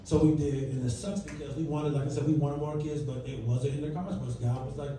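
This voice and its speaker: A man doing a stand-up set on a club stage, bantering with the audience, swinging between loud bursts and low mutters. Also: fairly even intonation, brisk, a little hiss or hum. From Virginia. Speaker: stand-up comedian. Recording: echoey club recording from far off, loud crowd. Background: audience laughter.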